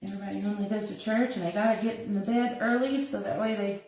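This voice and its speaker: A woman's voice: medium pitch, fairly even intonation, quick pace, a little mellow, a little hiss or hum. A woman hosting a live crafting demo from her kitchen, chatting and giggling with viewers while she works. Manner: chatty, giggly, thinking aloud while working. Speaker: craft tutorial host. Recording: echoey kitchen, mic at a distance.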